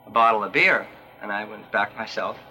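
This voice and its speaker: A man recounting a meeting in a documentary interview, speaking hesitantly with many pauses and a wry tone. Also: lowish voice, pushed and bright, poor audio.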